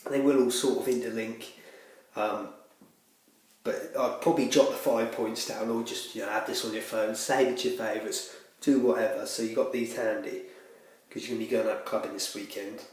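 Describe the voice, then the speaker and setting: A man's voice: fairly low pitch, level tone, brisk, a little mellow. Echoey earnest man with a cold. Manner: earnest, self-assured, rambling with ums. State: out of breath with a cold. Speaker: comedy character giving dating tips. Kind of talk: deadpan spoof advice video. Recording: very echoey room.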